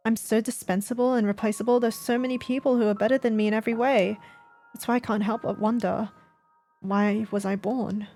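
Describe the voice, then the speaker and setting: A woman's voice: a little high, fairly even intonation, a little fast, dark tone, soft background music, natural voice. Woman reading as a despairing, self-hating teenage boy. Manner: despairing, hopeless self-loathing. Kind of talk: voiced visual novel reading.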